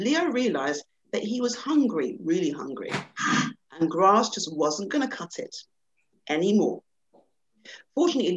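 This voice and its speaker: A middle-aged panel guest on a video call, a woman with a lowish voice, first reflects thoughtfully and then reads a story with sweeping dramatic shifts. The audio is of poor quality.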